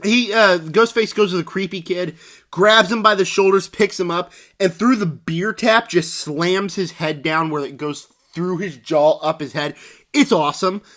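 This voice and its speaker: Young man, high voice, bright tone, sarcastic movie review rant, animated. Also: normal speed.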